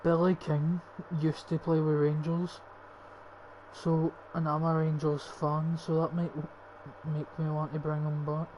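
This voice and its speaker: A man's voice: a little high, completely flat delivery, measured pace, darkish tone, a little hiss or hum, poor audio. A young Scottish man in his late teens, casually commentating on a football game, swearing and thinking aloud as he picks players. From Scotland. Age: young adult. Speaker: gaming YouTuber.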